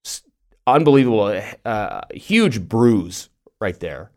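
A middle-aged man co-hosting a podcast, telling stories in an animated way with lots of restarts and laughs. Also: lowish voice, slow pace. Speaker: podcast co-host. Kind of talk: casual chat.

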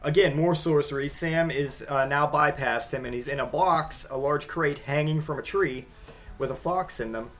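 A man giving casual comedic commentary on a picture book, wry and rambling, halting often with fillers. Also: fairly high pitch, a bit bright, faint music behind.

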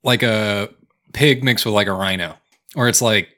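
A man's voice: fairly low pitch, moderate pace, pushed and bright. A man co-hosting a podcast, joking and laughing through casual chat. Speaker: podcast co-host.

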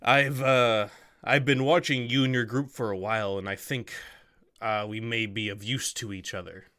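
Eldritch tentacled creature, courteous and halting, bright tone; a game master doing the voice. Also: male voice, mid-range voice, fairly even intonation, no echo, clean studio sound, close to an everyday voice. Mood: calm. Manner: halting, struggles with human speech. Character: tentacled alien creature, polite, eldritch, massive.

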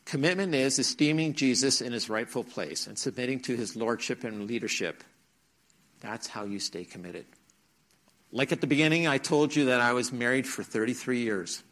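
A man's voice: mid-range voice, normal speed, a bit bright. A middle-aged man preaching to teens in a church, telling his own testimony in an earnest storytelling manner and acting out the quotes. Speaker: youth speaker. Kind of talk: sermon testimony.

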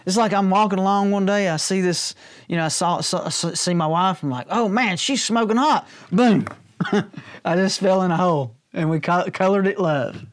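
In a studio-quality recording free of room sound, a male pastor with a high, clear, resonant voice preaches at a moderate pace. He keeps it conversational and jokey, regularly checking in with "all right?"

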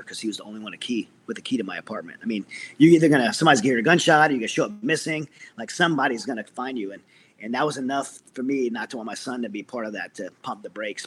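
A man's voice: fairly low pitch, a bit bright, a little hiss or hum. A middle-aged man, a military veteran, earnestly telling his personal story as an interview guest, with many restarts.

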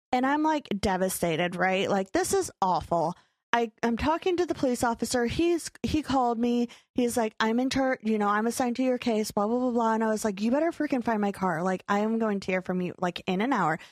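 A woman's voice: fairly high pitch, no room sound, clean studio sound. A young woman co-hosting a podcast, telling a story in casual chat and acting out what people said. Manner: animated storyteller, acting out quotes with laughter. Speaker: podcast co-host.

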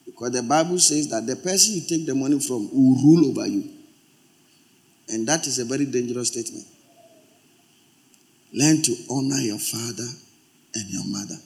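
A man's voice: medium pitch, moderate pace, vocal fry, long pauses, darkish tone. A male pastor preaching a sermon, emphatic and repeating his exhortations.

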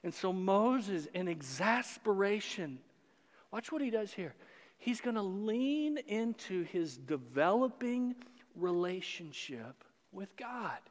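A man with a notably high voice preaching a sermon, unhurried and deliberate. He reads scripture and teases his listeners with playful sarcasm. His voice rings with a long reverb, as in a large church sanctuary. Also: big pitch swings. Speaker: pastor.

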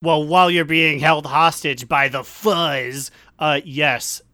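A man's voice: fairly high pitch, steady tone, slow, sharp tone. A man co-hosting a casual gaming chat, joking and playful. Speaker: podcast co-host.

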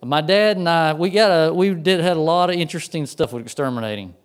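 A man's voice: a little high, fast, clean tone. A pastor preaching a sermon in a conversational way, often repeating words as he tells stories.

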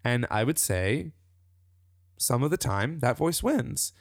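Animated man on a podcast, dry sound. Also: mid-range voice, slow pace, dry recording. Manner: animated, laughing, acts out his inner voice, swears casually. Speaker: podcast guest. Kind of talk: casual podcast conversation.

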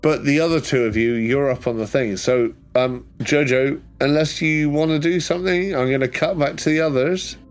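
A man's voice: medium pitch, normal speed, hardly any pauses. A man running a tabletop game as game master, narrating casually and swearing freely.

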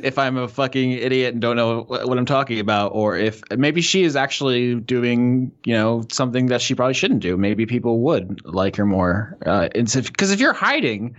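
A man's voice: mid-range voice, lively intonation, moderate pace, few pauses. Laid-back American guy, dull lo-fi sound. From United States. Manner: laughing, loose and rambling. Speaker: podcast co-host. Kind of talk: casual chat.

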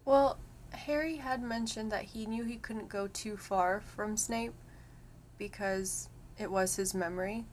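Soft-spoken female podcast co-host. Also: medium pitch, measured pace, slight background noise. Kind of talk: casual chat.

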